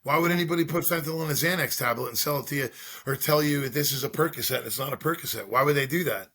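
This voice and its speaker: Man, middle-aged, drug-prevention speaker, interview guest, earnest, bright tense tone. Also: a little high, slightly rough. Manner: earnest, repetitive rhetorical questions, fast bursts. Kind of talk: emotional interview storytelling.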